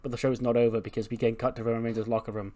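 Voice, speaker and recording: A man's voice: mid-range voice, level tone, very fast, warm tone. A man hosting a playthrough, giving chatty, laughing commentary on a wrestling management game. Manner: chatty, laughing, recaps results. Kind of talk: casual commentary on a wrestling sim.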